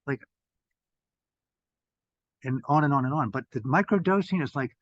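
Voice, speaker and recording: An older man giving an impassioned talk as a meditation teacher, swearing freely and swinging between loud bursts and hushed asides. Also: medium pitch, moderate pace. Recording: dull, dry lo-fi audio.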